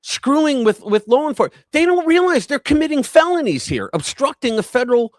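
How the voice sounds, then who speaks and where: A man's voice: extremely high pitch, big pitch swings, a little fast, no echo, clean studio sound. A man hosting a live news commentary stream, talking in a blunt, heated, profane way.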